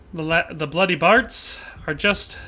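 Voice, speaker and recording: A man's voice: fairly high pitch, slow, slightly rough. A man hosting a live game stream, chatting casually and reading viewer comments, rambling and restarting his sentences with frequent laughs. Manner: rambling, animated, laughs often, trails off and restarts. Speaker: gaming livestream host.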